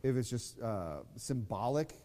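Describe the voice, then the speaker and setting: Man teaching scripture, mellow, reverberant. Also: medium pitch, lively intonation, unhurried, a little hiss or hum. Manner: conversational, many fillers and repeated words, reads scripture aloud. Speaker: Bible teacher. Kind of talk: informal Bible study teaching.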